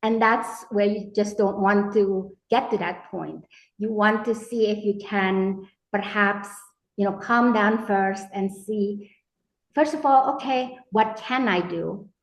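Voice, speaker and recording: A woman coach answering interview questions in a gentle, hesitant way, with lots of fillers. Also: medium pitch, takes it slowly. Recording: echoey room.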